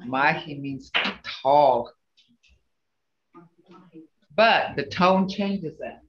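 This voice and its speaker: A man teaching a language class over a video call, slowly repeating words to show how tone changes meaning. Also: a little high, a little hiss or hum. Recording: roomy, dull video call audio.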